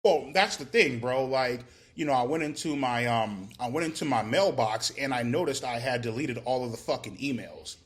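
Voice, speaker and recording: A man's voice: mid-range voice, normal speed, hardly any pauses. A man answering interview questions in a rambling way, swearing heavily and repeating "you know what I mean.". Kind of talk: casual, profane interview answers.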